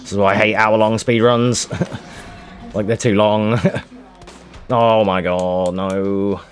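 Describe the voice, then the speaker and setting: A man giving frustrated, swear-heavy live commentary while speedrunning a game, muttering to himself and shouting at the game. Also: on the low side, steady tone, slow pace, clean tone, faint music behind. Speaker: speedrunner streaming.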